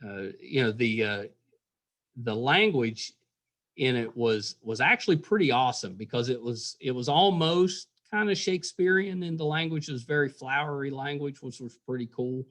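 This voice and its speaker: A man's voice: medium pitch, normal speed, a bit bright. A man hosting a podcast interview, asking laid-back questions with many fillers. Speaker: podcast host. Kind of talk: casual interview.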